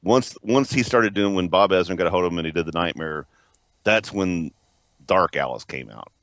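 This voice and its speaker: A man's voice: low-pitched, normal speed, fairly bright tone, no room sound, clean studio sound. A man co-hosting a casual rock podcast, rambling with many restarts and self-corrections. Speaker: podcast co-host.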